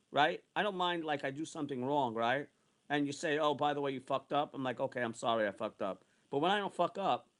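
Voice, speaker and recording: A man's voice: fairly high pitch, fairly bright tone. Heated sixty-year-old man ranting. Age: 60s. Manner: heated, repetitive, profane ranting. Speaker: online streamer. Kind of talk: angry ranting monologue.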